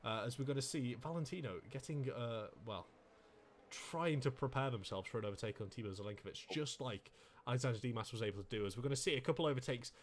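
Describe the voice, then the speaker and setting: A man co-commentating a sim racing stream, excitable and joking in casual banter. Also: mid-range voice, quick pace, a little hiss or hum. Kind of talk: casual esports race commentary.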